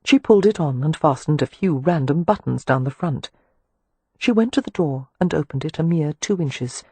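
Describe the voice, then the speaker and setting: Measured audiobook narrator, woman, husky; dry booth sound. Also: deep voice, no room sound. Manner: measured, even storytelling. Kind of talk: scripted narration of a historical romance.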